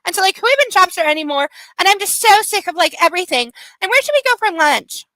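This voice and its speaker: A woman's voice: extremely high pitch, very animated, quick pace, bright, forceful tone, no echo, pitched above the performer's own voice, full character voice, poor audio. A woman putting on a shallow, coked-up young Valley Girl with a whiny, airheaded manner and a Valley Girl accent, full of "like". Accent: Californian Valley Girl.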